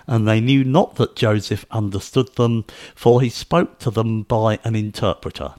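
A man reading scripture aloud in a measured, solemn narration. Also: fairly low pitch, a little mellow, no echo. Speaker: scripture reader.

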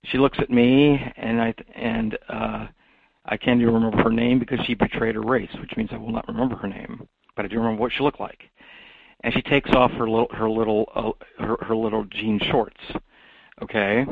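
A man with a gravelly, creaky voice rambles through a repetitive monologue. He keeps restarting words and leans on "okay?" as he pushes toward loud, sermon-like exhortation. The sound is thin and phone-like, with a dry, close room. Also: fairly low pitch, steady tone, fairly quick, no echo. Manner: builds to loud preacher-like exhortation. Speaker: monologue speaker. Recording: tinny phone-like dry recording.

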